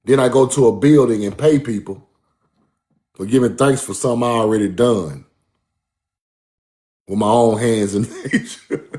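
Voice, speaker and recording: A man's voice: mid-range voice, normal speed, long pauses, warm tone. A man giving a casual, emphatic street-style lecture, repeating his points and calling the listener bro. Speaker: speaker giving a talk.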